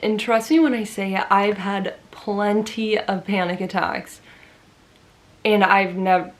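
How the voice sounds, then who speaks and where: A woman's voice: medium pitch, steady tone, takes it slowly. Woman vlogger, personal story to camera, earnest and emphatic, mid-range voice, chatty fillers.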